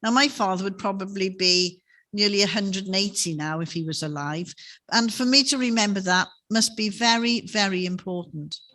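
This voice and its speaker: A woman's voice: medium pitch, moderate pace, bright, forceful tone. A woman giving a sermon in a chapel, telling stories in a conversational way and often ending on tag questions. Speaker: preacher.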